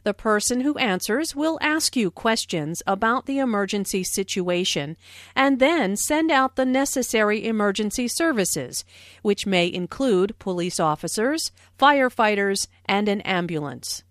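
A woman reading a scripted English lesson, explaining phrases slowly and clearly. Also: mid-range voice, expressive, no echo, studio quality. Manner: slow, clear, carefully enunciated. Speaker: English teacher. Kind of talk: scripted language lesson with dialogues.

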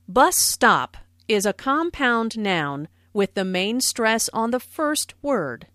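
A woman slowly explaining English phrases in a scripted language lesson. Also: fairly high pitch, a bit bright, no echo, studio quality. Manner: slow, careful explanation. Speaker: language teacher.

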